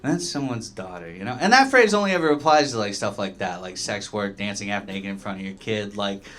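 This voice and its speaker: A man doing a stand-up comedy set in a small bar, deadpan storytelling with sudden jumps into high voices for the characters he quotes. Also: a little fast. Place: small dive bar with a live audience. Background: crowd laughter.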